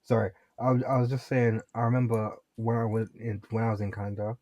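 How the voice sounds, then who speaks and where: A man's voice: on the low side, little pitch movement, quick pace, darkish tone, no echo, highs cut off. A young British man co-hosting a podcast, explaining things in a casual chat with frequent restarts. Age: young adult. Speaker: podcast co-host.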